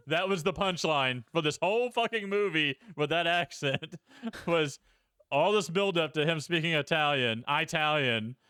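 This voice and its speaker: A man's voice: on the high side, moderate pace, bright, forceful tone, clear, resonant tone, dry recording, studio quality. A man co-hosting a film review podcast, blunt and sarcastic in casual chat, swearing freely. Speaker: podcast co-host.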